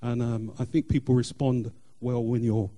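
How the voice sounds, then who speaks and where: A middle-aged man, sharing a personal faith testimony in an earnest, halting way with many fillers and restarts. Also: medium pitch, little pitch movement, mellow. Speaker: church member sharing testimony.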